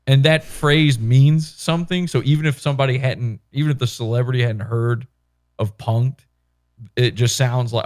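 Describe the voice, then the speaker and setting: A man's voice: mid-range voice, normal speed. A man hosting a podcast, rambling in casual, profane chat and acting out quoted lines. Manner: rambling, animated, acts out quotes. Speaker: podcast host.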